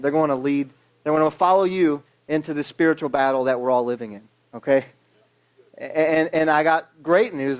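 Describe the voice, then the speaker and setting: Casual preacher man, keeps saying okay. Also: fairly high pitch. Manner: conversational, keeps asking "okay?". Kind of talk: casual sermon. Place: church service.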